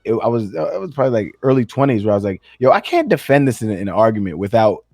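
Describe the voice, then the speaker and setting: A man's voice: mid-range voice, sing-song, gravelly, darkish tone, no echo, studio quality. A man talking casually on a podcast, stumbling and restarting as he works through his thoughts. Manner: halting, restarts often, quotes himself with slangy asides. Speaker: podcast host. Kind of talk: casual chat.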